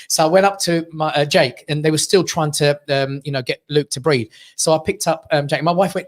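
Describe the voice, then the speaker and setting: A man from England telling a lively personal story on a panel show, acting out what others said. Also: on the high side, fast talker. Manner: animated anecdote teller, acts out quotes. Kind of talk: casual chat, storytelling.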